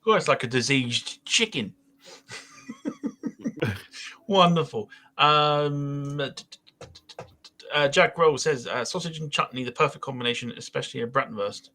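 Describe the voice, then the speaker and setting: A man's voice: mid-range voice, normal speed, sharp tone. A man hosting a casual podcast chat, rambling a little with fillers as he goes. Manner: rambling, with frequent fillers and laughs. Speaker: podcast host.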